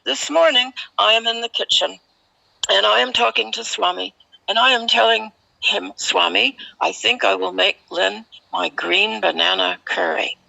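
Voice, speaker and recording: A woman voicing a kind elderly Indian lady from an ashram, speaking formally and gently. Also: medium pitch, normal speed, creaky, heavily acted. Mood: kindly. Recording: slightly muffled recording.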